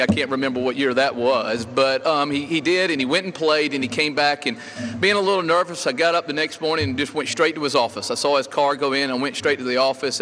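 A man's voice: mid-range voice, sharp tone. A middle-aged man, a golf coach giving a rambling, story-filled memorial tribute with many fillers and restarts. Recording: reverberant hall with faint ambience.

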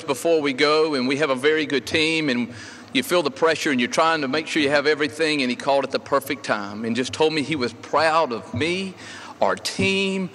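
A man's voice: medium pitch, fairly bright tone, a little hiss or hum. A middle-aged man, a golf coach giving a rambling, story-filled memorial tribute with many fillers and restarts. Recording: reverberant hall with faint ambience.

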